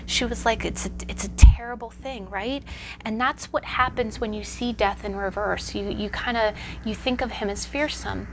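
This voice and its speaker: A woman's voice: on the high side, slight background noise. A woman giving a conversational tarot lesson, reflective and telling stories with many asides. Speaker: tarot teacher.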